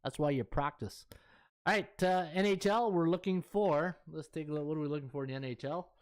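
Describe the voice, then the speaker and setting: A man's voice: fairly high pitch, fairly quick, smooth. A middle-aged man, a sports betting handicapper chatting casually on a live stream and thinking aloud as he scrolls through stats.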